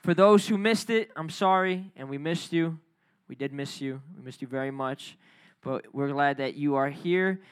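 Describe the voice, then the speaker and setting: A man preaching as youth director, energetic and calling on the crowd to repeat phrases. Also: fairly high pitch, moderate pace, clear, resonant tone. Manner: energetic, calls for crowd responses. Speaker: youth pastor. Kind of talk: youth sermon. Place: church youth service.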